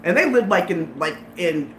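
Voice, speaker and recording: A woman's voice: lowish voice, normal speed, reverberant, slight background noise. A woman hosting a casual chat, telling a story with lots of laughter and acted-out voices. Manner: animated storyteller, laughs often, acts out voices. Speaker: host.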